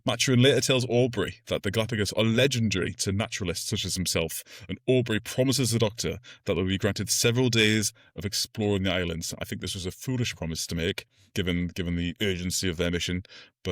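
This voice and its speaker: A man with a fairly low voice co-hosts a film podcast, talking through scenes in a loose, enthusiastic way and laughing often. His voice sits close and dry on the microphone, with no room sound. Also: brisk, no room sound. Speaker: podcast co-host. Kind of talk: casual film review chat.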